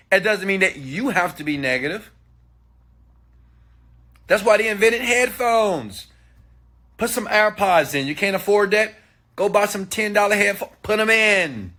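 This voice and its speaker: A man giving a motivational talk, preachy and animated, often checking in with "okay?". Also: high-pitched. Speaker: motivational speaker.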